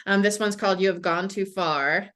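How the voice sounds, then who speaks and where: A woman's voice: medium pitch, normal speed, fairly bright tone. An American woman, a mystery author, talking casually in an interview with many "you know" fillers. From United States. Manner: chatty, frequent "you know" fillers, laughs easily.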